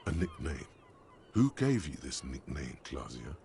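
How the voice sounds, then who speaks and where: A man voicing a stern, sardonic male narrator in a video game, with a measured, deliberate delivery. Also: very deep voice, sing-song, vocal fry, warm tone, slight background noise, heavily acted. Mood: probing. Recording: music playing underneath.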